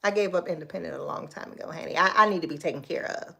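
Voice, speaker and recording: A woman in her forties chatting casually on a livestream from her kitchen, sassy and expressive, laughing often and giving advice to viewers she calls girl and baby. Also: fairly low pitch, racing, vocal fry. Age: 40s. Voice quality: expressive, laughs often, Southern Black American vernacular turns. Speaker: livestream host. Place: home kitchen.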